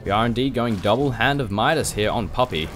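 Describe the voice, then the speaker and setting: A low-voiced man rattles off quick play-by-play game commentary over a headset. Music plays clearly behind him, and his delivery is chatty and loose, with casual swearing. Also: expressive, fairly bright tone. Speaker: esports caster.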